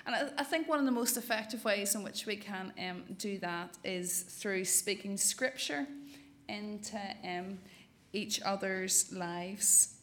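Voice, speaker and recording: Woman, church group leader, mid pitch, affirming, thoughtful, pauses with um. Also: a bit bright, a little hiss or hum. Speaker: Bible study leader. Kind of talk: interactive church teaching talk.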